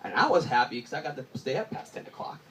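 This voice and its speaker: A young man doing stand-up, telling stories in an animated way and often laughing through his lines. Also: mid-range voice, fast talker, a crowd in the background, rough recording. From Southern California. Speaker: stand-up comedian. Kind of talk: stand-up storytelling.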